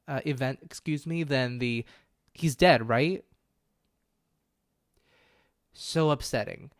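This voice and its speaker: A man's voice: a little high, fairly bright tone, no echo, clean studio sound. A man hosting a solo podcast, talking in an earnest, impassioned way and often correcting himself mid-sentence. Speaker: podcast host.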